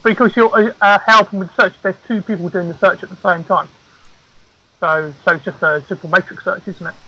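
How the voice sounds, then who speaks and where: A man's voice: high voice, fairly even intonation, fairly quick, sharp tone, dull audio, a little hiss or hum. A man casually chatting as a player in an online tabletop game, hesitant and repeating himself.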